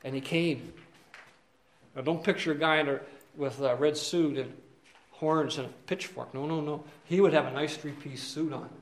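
Male preacher, high voice, conversational, echoey room. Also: fairly even intonation, moderate pace. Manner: conversational, asks "okay?" often, many fillers. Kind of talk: expository sermon, verse by verse.

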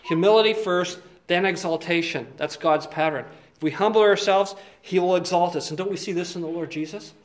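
A man preaching an expository sermon, earnest and emphatic, who keeps checking in with his listeners and moves between quiet asides and loud, stressed points. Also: sits high, a little fast.

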